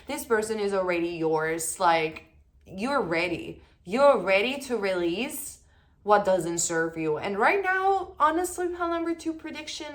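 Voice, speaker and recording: A woman's voice: medium pitch, fairly bright tone. Emphatic, chatty tarot reader woman. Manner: emphatic, self-assured and chatty, repeats lines for stress. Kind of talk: pick-a-card tarot reading.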